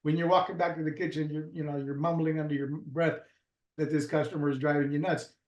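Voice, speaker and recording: A man's voice: fairly high pitch, flat delivery, quick pace, darkish tone, lo-fi sound, slight background noise. Rambling man in an echoey room. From Puerto Rico. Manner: rambling, with frequent restarts and fillers. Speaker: guest. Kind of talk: casual storytelling interview. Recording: roomy echo.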